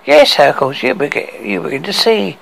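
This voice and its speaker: A man reading aloud, voicing a gleeful, scheming queen with a higher, sing-song delivery. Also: sing-song, a little fast, gravelly, fairly bright tone, exaggerated voice, rough recording. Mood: gloating.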